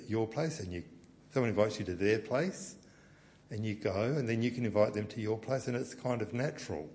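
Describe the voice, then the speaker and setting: Low-voiced Australian pastor preaching. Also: male voice, darkish tone. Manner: conversational and anecdotal, with frequent fillers and restarts. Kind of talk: sermon.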